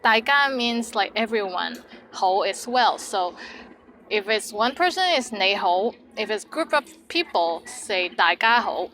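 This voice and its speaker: A woman's voice: medium pitch, animated, measured pace, a bit bright, a little hiss or hum, rough recording. A woman teaching Cantonese words, saying each word twice and then giving example sentences. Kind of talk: language lesson.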